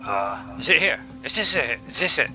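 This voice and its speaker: With loud music behind him, a gaming channel host from Bristol, England rambles casually through gameplay commentary in a sing-song, mid-range voice at normal speed. He's chatty, laughs often and talks to himself.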